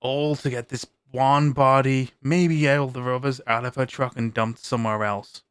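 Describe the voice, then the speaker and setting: A man's voice: mid-range voice, clean tone, dry recording, studio quality, lightly acted. A man voicing a crude, scheming vampire who gives blunt, profane orders in a tabletop game.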